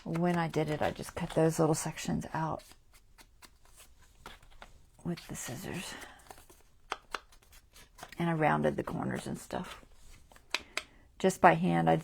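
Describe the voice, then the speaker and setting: A woman hosting a crafting livestream, chatting as she works, thinking aloud, often trailing off softly and laughing at herself. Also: lowish voice, creaky, a little hiss or hum. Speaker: craft channel host. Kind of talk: casual crafting livestream chat.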